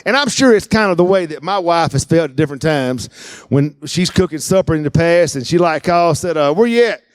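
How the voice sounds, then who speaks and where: Animated high-voiced preacher. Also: male voice, brisk, no room sound. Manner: animated, acts out quoted voices. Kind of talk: sermon. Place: church.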